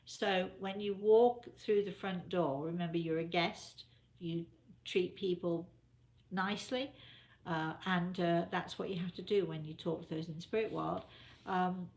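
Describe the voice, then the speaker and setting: Speaking unhurriedly in a steady tone, an older spiritual medium casually chats with viewers in a live question session. She repeats herself as she gently advises them, and her pitch is fairly low.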